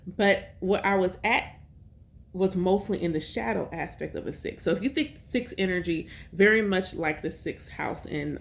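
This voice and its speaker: A woman hosting a podcast, talking casually about names and numerology, pausing often to correct herself. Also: on the low side. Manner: conversational, with self-corrections and fillers. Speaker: podcast host and priestess. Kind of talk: casual spiritual talk.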